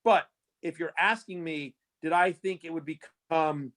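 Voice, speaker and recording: A man's voice: on the high side, a little slow. A man guest in a casual interview, telling stories with many fillers and restarts. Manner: rambling, lots of fillers and restarts, animated retelling. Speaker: fantasy sports analyst guest.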